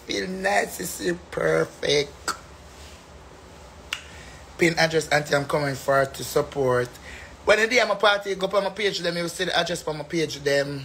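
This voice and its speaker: A man's voice: a little high, normal speed, vocal fry, pauses often, a bit bright, slight background noise. A man with a Jamaican accent chatting casually and animatedly, breaking into laughter often and singing phrases. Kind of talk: casual live chat.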